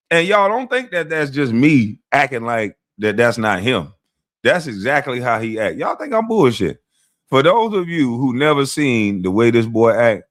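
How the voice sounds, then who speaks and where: A man's voice: medium pitch, dry recording, clean studio sound. A man ranting casually on his vlog, mocking and profane, often laughing. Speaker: vlogger and commentator.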